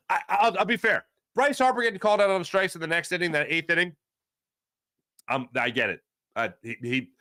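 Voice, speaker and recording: Animated, fired-up Philly sports host. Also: male voice, no room sound, clean studio sound. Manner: animated, swinging from low grumble to loud outbursts; mocking put-on fan voice at times. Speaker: sports talk show host. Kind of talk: opinionated sports radio rant.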